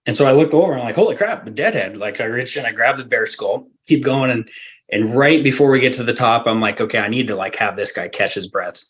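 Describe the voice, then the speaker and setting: A man from Alaska, a hunting guide, tells a story on a podcast with easy, unhurried energy. He laughs often and acts out what people said in quick bursts. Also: medium pitch, fairly bright tone, breathy edge.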